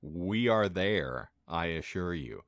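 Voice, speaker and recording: Male podcast host, low and lively, playful rambling delivery, dry close mic. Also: slow, no echo. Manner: jokey, rambling, mock-formal asides. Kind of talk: casual podcast chat.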